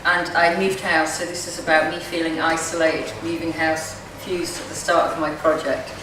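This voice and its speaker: Brief: woman poet reciting her own verse, slightly low voice, distant mic in a very echoey hall. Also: flat delivery, moderate pace, background noise. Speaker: poet reading at a community event. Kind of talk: poetry reading. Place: community event venue.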